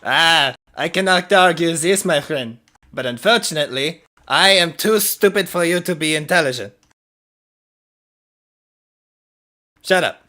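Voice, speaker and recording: A man's voice: a little high, moderate pace, pushed and bright. A man voicing a boisterous swashbuckling male rogue, grandiose and playful in a tabletop game.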